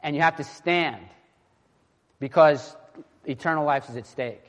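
A man's voice: fairly high pitch, a little slow, a bit bright. A young man preaching a sermon in an earnest, impassioned way, often restarting his sentences. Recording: long hall reverb.

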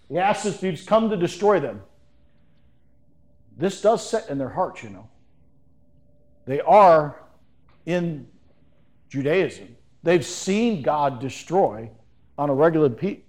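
A middle-aged man preaching a sermon as pastor, in a lively, conversational way with frequent restarts. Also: on the high side, unhurried, long pauses.

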